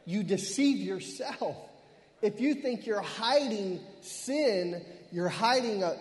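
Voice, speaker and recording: Brief: middle-aged male pastor, high-pitched, fervent and emphatic, in a church with long reverb. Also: lively intonation. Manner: fervent preaching with frequent amens and hallelujahs; slows down hard on key phrases. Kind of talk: sermon.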